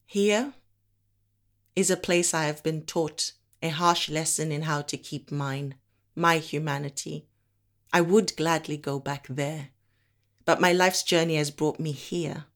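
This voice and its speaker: Woman from Africa, low register; measured spoken-word monologue delivery. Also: steady tone. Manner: measured, deliberate delivery with slow emphatic pauses.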